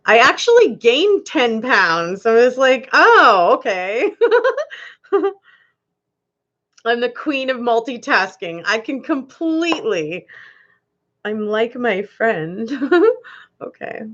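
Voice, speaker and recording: Woman host, bright and high-ish, bouncy delivery, giggly, slightly muffled stream audio; casual live-chat read of viewer comments. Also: very animated, takes it slowly, long pauses. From Canada. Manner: giggly, chatty, laughs often.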